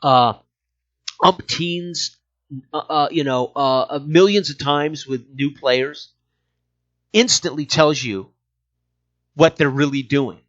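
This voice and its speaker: A man hosting a casual talk about game design, animated and profane, acting out scenes from the gaming table in quick asides. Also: fairly high pitch. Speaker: game designer and podcast host. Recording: dull lo-fi recording.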